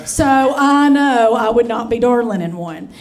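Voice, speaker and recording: A forty-something woman works a live comedy crowd, brassy and chatty, throwing out honey and y'all as the room laughs. She talks at a moderate pace with a fairly high pitch and lively intonation.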